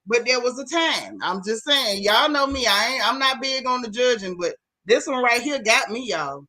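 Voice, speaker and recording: Woman, bright voice, slightly high, animated casual gossip chat with her viewers. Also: normal speed. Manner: animated, talks straight to her chat with "y'all", "baby" and "honey". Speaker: host of a gossip talk stream. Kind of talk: casual live-stream chat reading comments.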